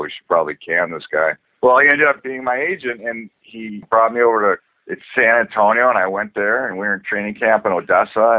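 A man, a former hockey player, telling a profane, lively story as a guest. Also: fairly low pitch. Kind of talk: storytelling anecdote. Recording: phone-like narrow band.

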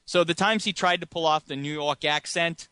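A man's voice: on the high side, moderate pace, pushed and bright, clear, resonant tone, no echo. A man co-hosting a podcast, rambling through casual movie chat and chuckling often. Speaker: podcast co-host.

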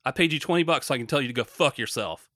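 A man telling a profane story in casual chat, with loud reenacted shouting. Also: mid-range voice, lively intonation, rapid-fire, no echo, studio quality. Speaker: podcast co-host.

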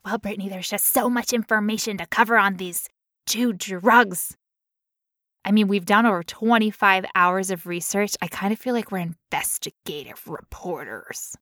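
Woman podcast co-host, chatty explainer, easy laughs, dry close mic, even middle pitch. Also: normal speed, no echo. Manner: playful, laughs often, explains at length. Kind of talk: casual podcast chat.

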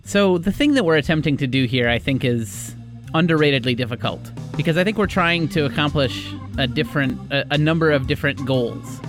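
A man in his thirties or younger, running a tabletop game as game master, telling the story in measured narration and talking things over in a loose, rambling way. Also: fairly high pitch, expressive, over music. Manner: measured storytelling, then thoughtful rambling with fillers. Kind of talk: scripted narration and casual chat.

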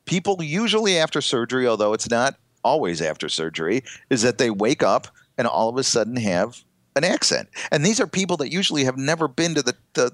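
A man's voice: mid-range voice, fairly bright tone, dry recording, studio quality. A middle-aged man with a congested nose, telling stories in rambling, hesitant casual podcast chat. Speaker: podcast co-host.

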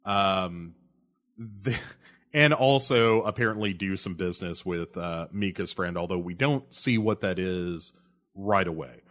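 Low-voiced man rambling through a plot recap. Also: a little slow, fairly bright tone. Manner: rambling, heavy on fillers like uh and you know; laughs awkwardly at grim material. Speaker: podcast host. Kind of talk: casual movie plot recap.

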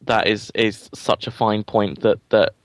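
A man's voice: lowish voice, steady tone, measured pace, no echo. A man from England with an English accent drifting toward American, a guest chatting casually and stumbling over his words in self-deprecating asides. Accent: English, softened toward American. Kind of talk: casual interview chat.

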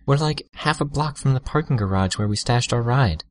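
A man voicing a sharp-tongued, knowing young woman villain in an audiobook, quick and teasing. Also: mid-range voice, expressive, voice pushed up, close to an everyday voice. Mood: urgent.

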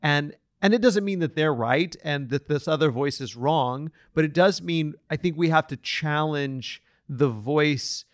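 A man's voice: a little high, a little slow, few pauses, no echo, clean studio sound. A man co-hosting a casual Bible study podcast, talking in a thoughtful, earnest way with frequent restarts. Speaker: podcast co-host.

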